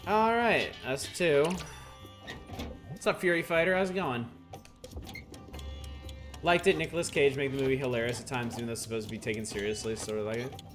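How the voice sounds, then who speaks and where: A man's voice: mid-range voice, a little fast, long pauses. A man chatting casually with his viewers while he streams a video game. He rambles, greets chat by name and laughs often. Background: game music.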